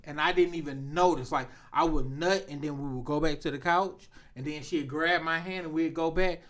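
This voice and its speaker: A man telling loud, profane party stories in a casual group chat, often laughing. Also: on the high side, normal speed.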